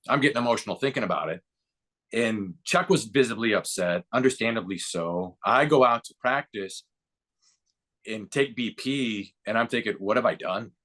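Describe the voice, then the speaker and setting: A man in his fifties, a baseball broadcaster and former player, tells stories as a podcast guest, acting out quotes with growing excitement. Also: on the low side, normal speed. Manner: lively anecdote-telling with voiced quotes and rising excitement. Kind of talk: casual storytelling interview.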